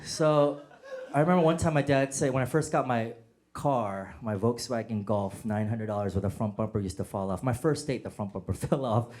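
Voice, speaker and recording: A man from the United States doing a stand-up set, telling animated stories and acting out bits with sudden shouts. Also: mid-range voice, moderate pace. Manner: animated storyteller, acts out bits and bursts into shouts. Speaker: stand-up comedian. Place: comedy stage with a laughing audience. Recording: noisy live comedy club audio.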